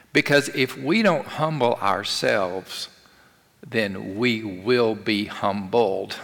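A man's voice: mid-range voice, a bit bright. A man preaching a sermon in a conversational way, asking rhetorical questions and repeating key phrases for emphasis. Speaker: pastor. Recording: long hall reverb.

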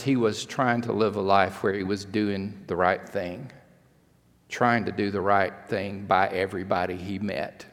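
A male pastor, preaching a sermon in a relaxed, conversational storytelling way, with fillers. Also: lowish voice. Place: church sanctuary. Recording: reverberant church hall.

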